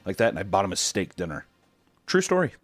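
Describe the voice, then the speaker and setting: A man's voice: sits low, sing-song, fast. A young man streaming, reading out fan messages in a crude, joking, sarcastic casual chat.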